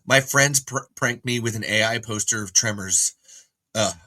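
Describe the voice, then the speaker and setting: A man hosting a casual livestream, rambling excitably and often trailing off and restarting. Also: lowish voice, moderate pace. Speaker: host. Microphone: camera mic on a livestream.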